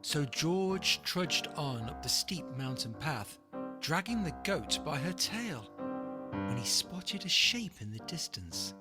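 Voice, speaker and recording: Slow, lively picture-book reader. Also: medium pitch. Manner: rhythmic, rhyming storytelling. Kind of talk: expressive picture-book read-aloud.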